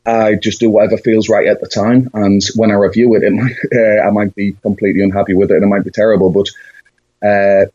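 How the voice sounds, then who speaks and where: A husky, breathy man with a lowish voice, answering interview questions as a musician. He talks reflectively, pausing on fillers and restarting his thoughts. The sound is dry and dull, like a lo-fi recording. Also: level tone, warm tone, no echo. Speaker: musician guest.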